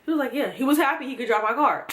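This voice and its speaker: A woman's voice: sits high, animated, very fast, a bit bright, a little hiss or hum. A young woman from Georgia telling a profane, exasperated storytime to her viewers. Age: young adult. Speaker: vlogger. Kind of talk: storytime vlog.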